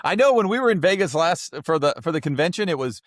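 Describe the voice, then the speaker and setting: A man's voice: a little high, animated, quick pace, dry recording, clean studio sound. A man co-hosting a casual podcast chat, telling rambling stories and acting out what other people said. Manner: rambling storyteller, acts out quoted voices. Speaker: podcast co-host.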